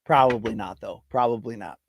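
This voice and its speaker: A man's voice: fairly low pitch, fairly quick. A middle-aged man from the US East Coast hosting a casual solo livestream ramble, chatty and self-deprecating, hyping up his chat. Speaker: podcast host. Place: home studio. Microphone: studio mic.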